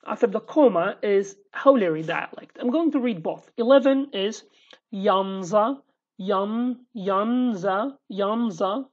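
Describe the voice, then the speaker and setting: Casual language teacher, a woman; deliberate, unhurried delivery, lo-fi recording. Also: medium pitch. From Iraqi Kurdistan. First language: Kurdish. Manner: chatty, repeats words slowly, jokey asides. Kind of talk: casual video lesson. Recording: dull lo-fi sound.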